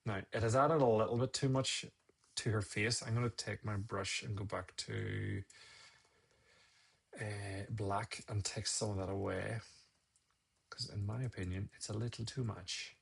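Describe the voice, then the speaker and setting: A man with a somewhat low, gravelly voice and a husky edge talks viewers through a photo edit on a live stream. He rambles and thinks aloud, restarting his sentences as he works at his computer. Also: steady tone, unhurried. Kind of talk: casual live-stream tutorial.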